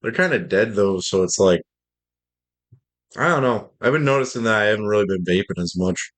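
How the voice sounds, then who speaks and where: A man with a low, deep streaming voice chats casually to his viewers. He rambles, stacks up fillers and restarts his sentences, and keeps his voice a bit louder than normal talk. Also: lively intonation, a little fast, rough recording. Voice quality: deep, slightly loud streaming voice. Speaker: game streamer.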